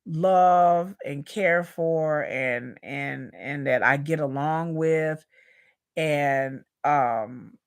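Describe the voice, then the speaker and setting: A woman's voice: low voice, very slow, no room sound, studio quality. A woman hosting a live reaction stream, speaking frankly and chattily to her viewers about her love life, often repeating herself and calling them "y'all.". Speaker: YouTube reaction host. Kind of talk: candid personal rant.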